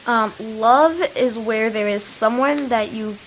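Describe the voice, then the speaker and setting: A woman's voice: fairly high pitch, takes it slowly, slight background noise, rough recording. A teenage girl co-hosting a kids' radio show, chatty and rambling, with many fillers. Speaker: young co-host. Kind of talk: casual chat.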